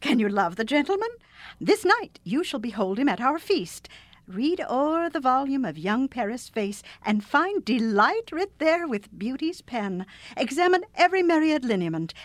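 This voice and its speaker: A woman's voice: on the high side, no room sound. A woman playing a stately, commanding noble mother, speaking formal verse in Shakespearean stage acting.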